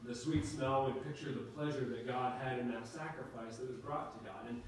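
A man preaching a sermon to his congregation, conversational and warm in delivery, often restarting his phrases. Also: medium pitch, steady tone, brisk, slight background noise. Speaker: pastor. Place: church sanctuary. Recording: echoey hall from far off.

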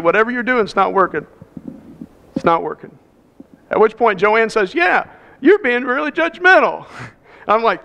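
Man, pastor, high-pitched, lively sermon storyteller. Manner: animated storyteller, acts out quoted dialogue. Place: church sanctuary.

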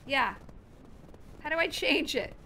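Excitable high-voiced woman gaming. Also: slow pace, crowd noise. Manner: excitable, exclamatory, bossy directions to teammates. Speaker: host. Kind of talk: casual let's-play banter.

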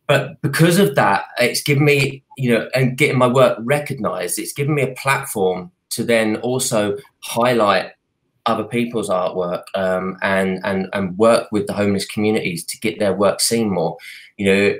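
A man with a Cockney accent, speaking earnestly in a halting way over a video call from his home computer, with many restarts and fillers. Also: on the low side, a bit bright. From United Kingdom. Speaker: artist and advocate. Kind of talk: live video call interview. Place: apartment at home.

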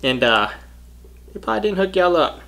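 A man's voice: high-pitched, sing-song, a little fast, gravelly, a bit bright. A man hosting a casual eating show, upbeat and slangy, talking straight to his viewers. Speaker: mukbang host.

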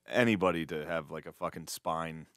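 A man's voice: sits low, normal speed, a bit bright. A man in his thirties, a comedian guest on a podcast, talking in a laid-back, mumbling way with casual swearing.

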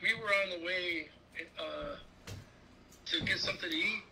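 Bright, gravelly man telling stories. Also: high voice, normal speed, a little hiss or hum, low-quality recording. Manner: rambling, animated storyteller. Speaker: guest. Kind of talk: casual interview chat.

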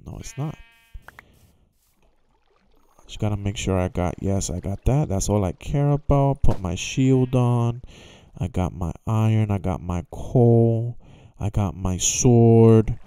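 A man's voice: lowish voice, a little slow, warm tone, slight background noise. A young man giving casual, jokey gameplay commentary, talking to himself and to the characters in the game. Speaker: gaming YouTuber.

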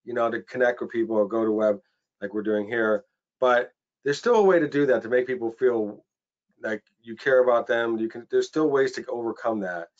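A man's voice: mid-range voice, moderate pace. A man hosting a webinar panel over a video call, talking casually with many restarts and getting emotional. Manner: chatty, gets emotional, rambling restarts. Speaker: webinar host. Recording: dull lo-fi video call audio.

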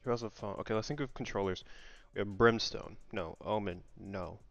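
A young man casually vlogging a daily guessing game, thinking aloud, excitable and swearing freely. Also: on the low side, brisk, vocal fry, no echo, soft background music. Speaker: gaming content creator. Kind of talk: casual gaming vlog commentary. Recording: dry, slightly muffled home mic.

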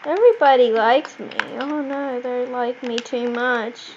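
Brief: giggly woman co-player, high voice, lo-fi and hissy recording. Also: measured pace. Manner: playful, giggly, bossy with directions. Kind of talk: gaming commentary. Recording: muffled recording with steady noise.

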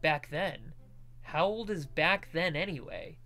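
A man's voice: on the high side, expressive, slow, pushed and bright, faint music behind. A young man reading a visual novel aloud and wandering into joking, rambling tangents. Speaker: let's play reader and commentator.

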